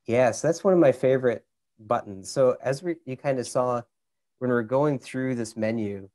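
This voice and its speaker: A man with a Minnesota accent talks over a video call, explaining camera menus in a loose, chatty way. His pitch sits in the everyday middle for a man, and he strings steps together with "like" and "you know.". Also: normal speed, mellow. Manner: chatty, explains step by step with many fillers. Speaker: camera expert.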